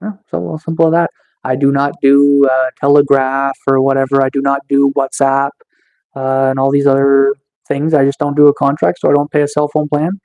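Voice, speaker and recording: A man's voice: medium pitch, level tone, moderate pace, a little mellow. A man live-streaming in a casual chat, teasing and taunting the trolls in his chat with sarcastic mock-tough boasts.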